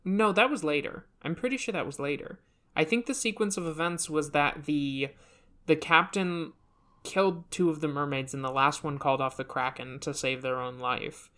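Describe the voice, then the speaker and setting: Low-voiced woman, hesitant casual chat. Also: moderate pace, fairly bright tone. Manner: hesitant, full of fillers and restarts. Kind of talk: casual chat about a video game.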